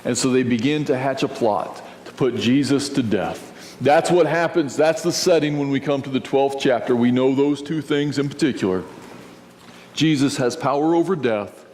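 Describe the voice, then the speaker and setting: A male pastor preaching a sermon, telling a story and acting out its scenes. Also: moderate pace. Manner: storytelling, acts out scenes, lively shifts in pitch. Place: church sanctuary. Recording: long church reverb, faint noise.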